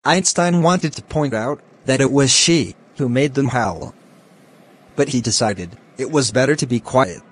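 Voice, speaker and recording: A man reading a scripted animated story in an even, plain way, voicing all the characters. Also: medium pitch, measured pace, slightly rough. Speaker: narrator.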